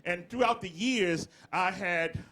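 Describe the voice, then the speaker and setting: A middle-aged Southern American comedy writer and show creator tells stories during a casual interview, frequently dissolving into laughter. His voice is high and bright with a forceful tone, and he speaks slowly.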